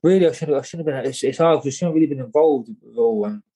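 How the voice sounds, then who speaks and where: A guest with a warm, mid-range voice tells a personal story in an interview. He halts and repeats words, frequently saying "mate".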